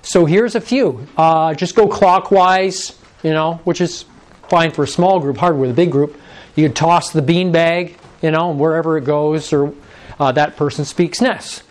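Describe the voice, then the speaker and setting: A man's voice: fairly high pitch, measured pace. A man presenting an interactive workshop, often checking in with the audience. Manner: coaxing, prompts the audience often.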